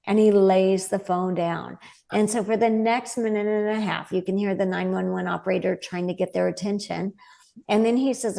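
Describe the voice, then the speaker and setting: A woman's voice: mid-range voice, steady tone, moderate pace, creaky, mellow. A woman in her forties, a guest medium, telling her story earnestly in a casual interview and acting out the voices she quotes.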